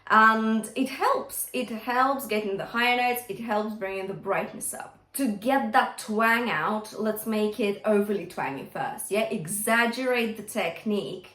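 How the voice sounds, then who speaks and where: A woman's voice: mid-range voice, a little slow, hardly any pauses, a bit bright, echoey room. A woman vocal coach teaching singing, often checking in with the listener as she explains. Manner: encouraging, checks in with "yeah?" and "okay?". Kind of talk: singing lesson with demonstrations.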